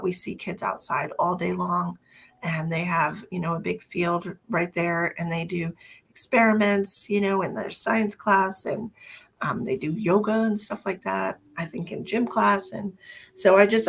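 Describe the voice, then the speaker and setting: A woman's voice: on the low side, vocal fry, slight background noise. A middle-aged woman hosting a casual live stream as a psychic medium, rambling chattily to her viewers with lots of fillers.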